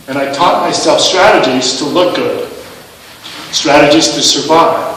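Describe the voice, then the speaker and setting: A man's voice: medium pitch, a bit bright, a little hiss or hum. Man preaching in a very echoey hall. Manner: conversational and self-mocking, with rhetorical questions. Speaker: minister. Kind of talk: sermon. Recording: echoey hall, mic at a distance.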